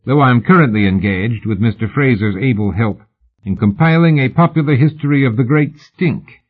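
A smooth, courteous Victorian gentleman journalist, as a man reads him, mild and ingratiating in every phrase. The voice sits a bit lifted and husky, and the sound is thin and narrow like a phone line. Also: medium pitch, lively intonation, moderate pace, voice pushed up, lightly acted. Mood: polite.

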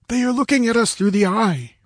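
A man voicing a frightened man of a feuding city, high and strained, pleading at a door. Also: fairly quick, no room sound, studio quality. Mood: urgent.

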